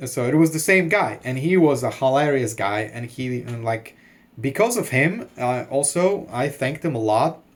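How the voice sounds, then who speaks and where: Animated and mid-range in voice, a man in his thirties rambles at a moderate pace through a long personal story for his vlog. He swears a lot and keeps saying "like" in this casual storytelling.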